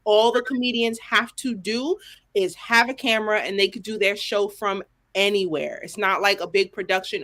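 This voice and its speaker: A woman co-hosting a podcast in casual chat, animated and exclaiming, talking straight to listeners. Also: mid-range voice, normal speed. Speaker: podcast co-host.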